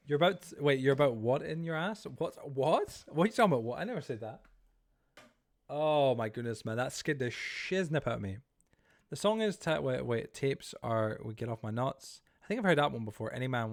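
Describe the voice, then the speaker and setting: A man's voice: medium pitch, expressive, normal speed. A man streaming live, chatting casually and rambling to his viewers while he plays, easily startled. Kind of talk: casual livestream chat while gaming.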